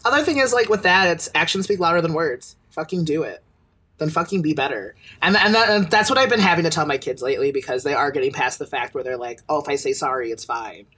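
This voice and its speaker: A man's voice: on the high side, animated, fast, bright, forceful tone, husky. A man co-hosting a podcast in casual chat, talking bluntly and heatedly and swearing freely. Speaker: podcast co-host.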